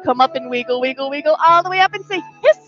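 A woman teaching a pre-recorded ballet class to small children, with an animated, sing-song way of talking. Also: high voice, fast, dull audio, music in the background.

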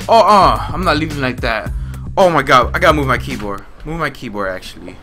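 A young man gaming at his home desk, out of breath, yelling and cursing at the game in frantic let's-play commentary. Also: mid-range voice, big pitch swings, quick pace, over music. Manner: yells and swears at the game, panting and cursing. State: out of breath and sweaty. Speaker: gaming YouTuber.

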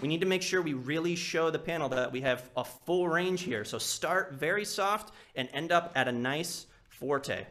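Fairly high-pitched and animated, this man talks at normal speed with hardly any pauses while loud snare drumming plays behind him. It's a live percussion lesson on an etude, where he counts aloud and vocalizes the rhythms in syllables.

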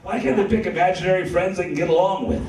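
A man doing a stand-up comedy set in a club, with deadpan delivery and crude punchlines. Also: sits high, fast talker, crowd noise. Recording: live club set from a distance, echoey, audience.

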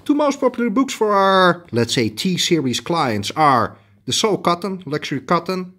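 A man's voice: high-pitched, big pitch swings, moderate pace, a bit bright. A middle-aged man with a Dutch accent, a tailoring shop owner chatting bluntly as he shows fabrics to the camera. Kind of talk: casual product showcase.

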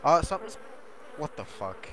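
A man's voice: fairly high pitch, very animated, normal speed, fairly bright tone, a little hiss or hum. A man playing a game with friends, chatting casually in a teasing, bossy, sarcastic way. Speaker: co-player. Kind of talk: casual gaming chat.

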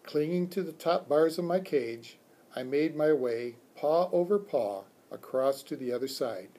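A man reading a children's chapter book aloud for a school, expressive and doing character voices. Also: on the high side, a little slow. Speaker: school read-aloud reader.

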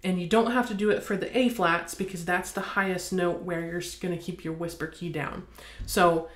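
An American woman teaching bassoon, explaining in a friendly way and counting beats aloud. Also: fairly even intonation, moderate pace. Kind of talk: instructional demonstration. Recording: echoey room.

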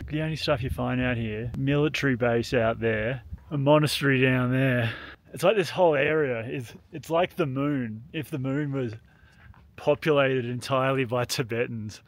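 A man's voice: medium pitch, normal speed, dry recording. A young man narrating a casual travel vlog outdoors, with dry, offhand humour. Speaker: travel vlogger. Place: outdoors, remote mountain roads.

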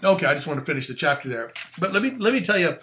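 Lively, conversational man preaching. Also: a little high, racing, slight background noise. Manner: animated and conversational, with plain slang and asides. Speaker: pastor. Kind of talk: casual sermon.

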